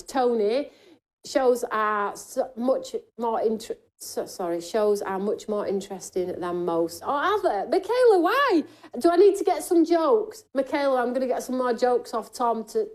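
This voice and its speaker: A woman's voice: mid-range voice, darkish tone. Woman, shopping show host, chatty, jokey, reading viewer comments. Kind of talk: live craft shopping presentation.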